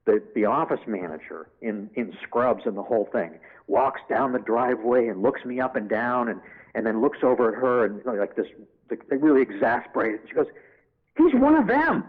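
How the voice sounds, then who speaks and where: A man guest in an interview, telling anecdotes in an animated way and acting out the voices he quotes. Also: mid-range voice, phone-quality sound.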